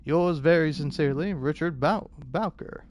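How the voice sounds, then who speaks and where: A man's voice: on the high side, darkish tone, a little hiss or hum, close to an everyday voice. A man voicing a formal letter-writer troubled by vivid dreams, in a put-on British accent. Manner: formal, measured reading.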